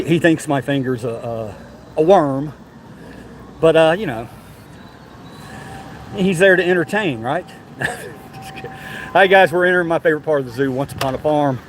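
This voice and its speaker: Outdoors at a zoo, a vlogger gives a casual live tour, chatty and laughing, repeating himself and sounding a bit winded as he walks. His voice sits on the high side, with slight background noise.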